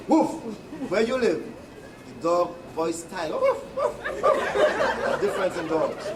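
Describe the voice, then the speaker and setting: A man with a Trinidadian accent giving a rousing, preacherly address to workers, with mocking asides. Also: high voice. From Trinidad and Tobago. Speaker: union leader addressing workers. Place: indoor workplace gathering. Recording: echoey room, far from the mic, noisy crowd.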